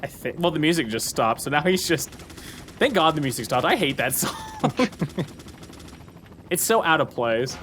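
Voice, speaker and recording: Playful, lively-voiced man commentating gameplay. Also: a little high, measured pace, long pauses, a little hiss or hum. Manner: playful, laughs a lot, does goofy voices. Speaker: let's play host. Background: game music and gunfire.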